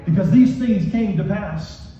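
His voice is high-pitched and warm, and he keeps a measured pace while preaching a passionate sermon. As pastor he calls out to the congregation, drawing call-and-response from the church hall. The sound is echoey, far off and muffled.

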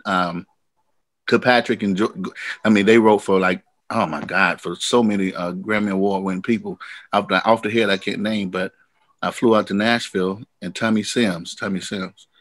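A man who is a singer-songwriter guest, telling animated, rambling stories in a casual interview. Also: lowish voice, dry recording. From United States.

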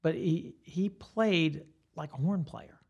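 Older man with a gravelly voice. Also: on the high side, slow, darkish tone, dull audio. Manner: rambling, explains by example. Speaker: guest guitar teacher. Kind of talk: casual podcast conversation.

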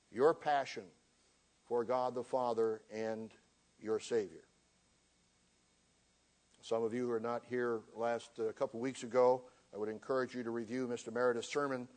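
A man's voice: mid-range voice, a little mellow. A man preaching a sermon, earnestly reading scripture aloud with emphasis. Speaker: minister.

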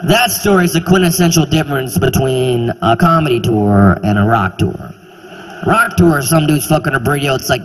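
A young man doing a stand-up comedy set on a theater stage, animated and acting out exaggerated voices. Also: mid-range voice, normal speed, in a large hall, slight background noise, low-quality recording.

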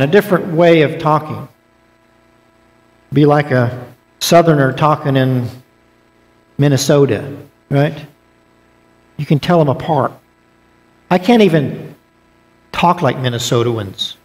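A man's voice: a little high, measured pace, long pauses. A man teaching a Bible class in a church auditorium, conversational, with joking asides, reading scripture aloud. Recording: long reverb of a church auditorium.

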